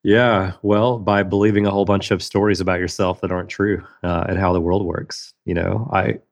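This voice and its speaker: Deep-voiced man telling his story. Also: flat delivery, a little fast. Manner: earnest, reflective, with frequent restarts. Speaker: guest, magician and speaker. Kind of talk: storytelling in a podcast interview.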